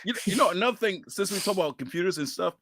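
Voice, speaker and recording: A man in his thirties hosting a podcast in casual chat, telling animated stories and acting out quoted voices. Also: high voice, very fast, crowd noise. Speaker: podcast host.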